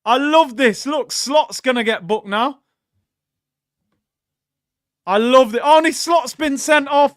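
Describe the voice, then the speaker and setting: A man hosting a live football watchalong, chatting to viewers with excitable reactions and bursts of shouting. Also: very high-pitched, unhurried, no room sound, clean studio sound. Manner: chatty, addresses viewers as "people".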